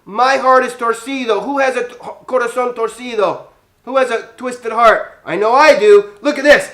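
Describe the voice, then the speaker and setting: A man teaching a children's Bible lesson as a priest, animated, acting out scenes and dropping Spanish words into his English while quizzing the kids. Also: extremely high pitch, moderate pace.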